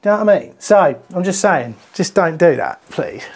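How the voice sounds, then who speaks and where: A man's voice: high-pitched, animated, normal speed, breathy edge. A man, a plumber giving a casual on-the-job tutorial indoors with joking asides. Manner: chatty, joking asides to camera. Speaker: plumber presenting a how-to. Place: customer's bathroom, indoors. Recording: music playing under the voice.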